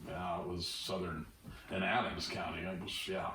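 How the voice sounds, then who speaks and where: A man co-hosting a casual podcast, agreeable and quick to chuckle along. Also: low-pitched, flat delivery, pushed and bright. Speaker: podcast co-host. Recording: very echoey, far from mic, faint hum.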